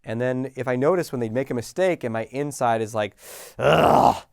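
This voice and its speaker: A middle-aged man coaching listeners in a casual, animated talk, acting out small scenes with sighs and laughs. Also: mid-range voice, fast, smooth, no echo, studio quality. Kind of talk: motivational talk to camera.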